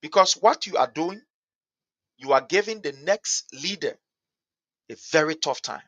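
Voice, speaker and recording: Liberian guy ranting about politics, high sharp voice, keeps hammering the same point and gets loud. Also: expressive, a little slow, dry recording, muffled recording. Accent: Liberian English. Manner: impassioned, repetitive, builds to shouting. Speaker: talk show host. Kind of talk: political commentary monologue.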